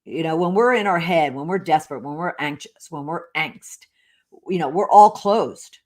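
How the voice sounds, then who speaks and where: A woman with a notably low-pitched voice tells a personal story as a podcast host. She talks candidly and rambles, full of fillers and restarts. She sounds middle-aged. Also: animated, moderate pace, a little mellow.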